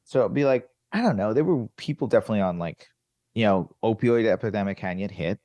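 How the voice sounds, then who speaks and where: A man's voice: fairly low pitch, fast talker, no room sound. A man from Virginia, a comedian guest, telling stories in casual chat and acting out the people in them. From Virginia, USA. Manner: animated, acts out quoted exchanges.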